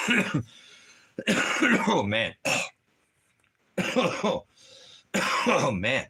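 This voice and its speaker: A man vlogging in casual chat, rambling and repeating himself with halting restarts. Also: deep voice, fairly bright tone, a little hiss or hum.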